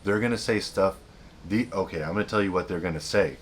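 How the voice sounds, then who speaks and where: A man's voice: low-pitched, quick pace, slight background noise. A man hosting a self-help video, giving blunt, repetitive, emphatic advice in a casual monologue.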